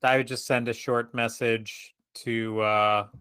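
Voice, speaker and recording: A man playing a tabletop game, talking in a wry, deliberate way and thinking aloud. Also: mid-range voice, level tone, sharp tone, smooth, no room sound. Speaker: player. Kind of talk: casual tabletop play.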